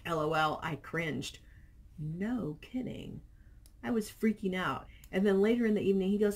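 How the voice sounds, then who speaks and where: A middle-aged woman vlogging casually, chatting and reading viewer comments aloud in an animated storytelling way. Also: on the low side, normal speed, husky.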